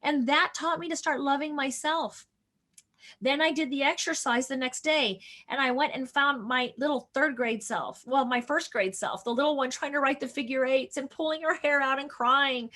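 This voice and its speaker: High-voiced woman telling an earnest story. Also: moderate pace, pushed and bright. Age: 40s. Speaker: guest doctor. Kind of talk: conversational interview.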